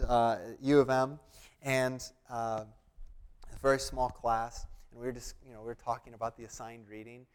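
A man preaching a sermon in a conversational way, telling stories, restarting phrases and filling pauses with "um" and "uh". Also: fairly high pitch. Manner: conversational, storytelling with restarts and fillers. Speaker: pastor.

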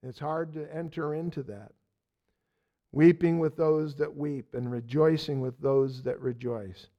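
A man teaching a verse-by-verse sermon in a folksy way, with loud stresses and soft asides, repeating words as he searches. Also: fairly high pitch, steady tone, unhurried. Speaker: Bible teacher.

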